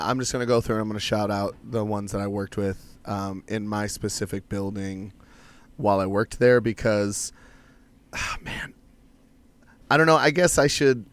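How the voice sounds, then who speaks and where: A man's voice: medium pitch, a bit bright, clean tone, no room sound. A young adult man hosting a podcast, telling a story in loose, profane chat and laughing between lines. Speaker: podcast host. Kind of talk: casual chat.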